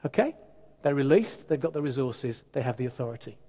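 Husky preacher in a reverberant hall. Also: male voice, medium pitch, a little fast. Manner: animated, emphatic preaching with conversational asides. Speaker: pastor. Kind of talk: sermon. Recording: long church hall reverb.

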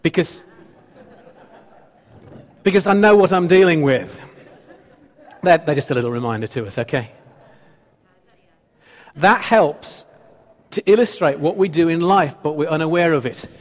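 A man in his fifties preaching a sermon, his fairly high voice carrying a long reverb through a church hall. He teases the congregation playfully and drives points home by repeating phrases. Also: expressive, a little slow, pauses often. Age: 50s. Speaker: pastor.

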